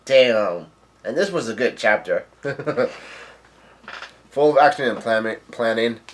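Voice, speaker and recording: Man, casual manga recap, halting, stumbles on names, mid-pitched voice. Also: lively intonation. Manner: halting, stumbles over names, narrates dialogue aloud. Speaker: manga reader and video host.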